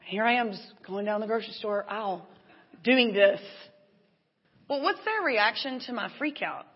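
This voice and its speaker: A woman giving a sermon, telling a personal story with lively, acted-out inner thoughts. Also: a little high, moderate pace, breathy edge. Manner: animated storytelling, acts out her own inner voice. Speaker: church speaker. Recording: dull lo-fi recording with long hall reverb.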